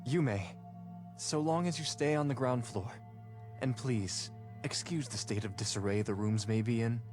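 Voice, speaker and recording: An actor playing a weary, courteous ghost groom who speaks in a formal, polite and measured way. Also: male voice, medium pitch, over music, lightly acted.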